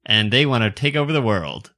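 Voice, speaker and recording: A man co-hosting a casual podcast, answering with short, dry quips. His voice sounds bright. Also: mid-range voice, expressive, a little fast. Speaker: podcast co-host. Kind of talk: casual chat.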